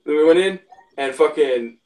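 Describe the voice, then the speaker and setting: A man's voice: a little high, moderate pace. Profane, rambling man telling stories. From Spokane, Washington area. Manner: rambling, profane, animated retelling. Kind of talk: casual storytelling chat.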